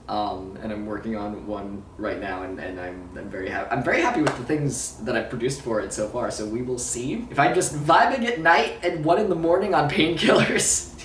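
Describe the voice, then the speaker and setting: A medium-pitched man, far from the mic, chats casually in a vlog as he recovers from surgery. He rambles, swears, laughs often, and jokes about himself, with roomy sound, faint ambience, and slight background noise.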